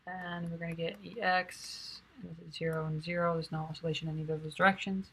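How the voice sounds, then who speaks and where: A tired young woman quietly working through a physics derivation, thinking aloud in a soft, low-key way with many fillers. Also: flat delivery, fast, hardly any pauses, breathy edge. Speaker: physics tutor.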